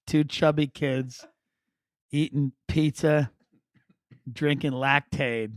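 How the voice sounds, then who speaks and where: A man hosting a podcast, telling comic stories in a rambling, wry, animated way. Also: medium pitch, slow, pauses often, no echo, studio quality. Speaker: podcast host. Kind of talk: comic storytelling monologue.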